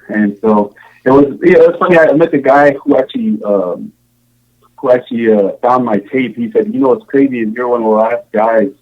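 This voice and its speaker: A man's voice: on the low side, lo-fi sound. A man from Samoa, a podcast guest, recounting his story in a casual, rambling way with many fillers and restarts. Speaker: podcast guest, show contestant.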